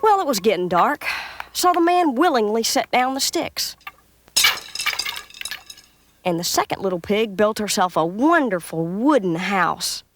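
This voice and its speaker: A woman, reading a storybook aloud as a folksy, expressive storyteller. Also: mid-range voice, unhurried, long pauses, a little hiss or hum. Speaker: narrator. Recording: loud music underneath.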